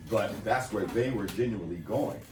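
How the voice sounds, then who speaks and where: A man's voice: lowish voice, normal speed, darkish tone. Man, casual chat, joking, teasing, roomy room, distant mic. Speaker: podcast co-host. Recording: roomy sound from far off the mic.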